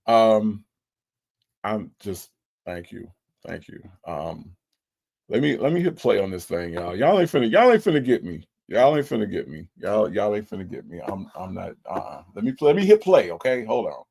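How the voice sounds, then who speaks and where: A man's voice: on the low side, sing-song, fast talker, gravelly, hardly any pauses, darkish tone, slightly rough. A man hosting a livestream, thanking viewers over and over in an emotional, repetitive, casual way. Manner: emotional, repeats himself, laughs, drawls. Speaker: livestream host.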